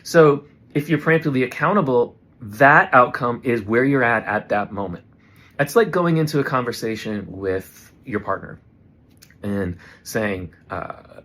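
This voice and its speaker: A man's voice: mid-range voice, lively intonation, a little slow, fairly bright tone. A man giving an earnest, reflective motivational talk straight to camera, talking himself through his points. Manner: earnest, reflective, self-coaching. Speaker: vlogger. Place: indoors in front of a camera.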